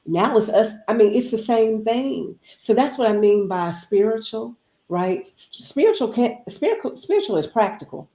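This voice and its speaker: A woman's voice: fairly high pitch, expressive, moderate pace, warm tone, reverberant. A woman guest speaker giving an inspirational, preachy talk, repeating phrases for emphasis.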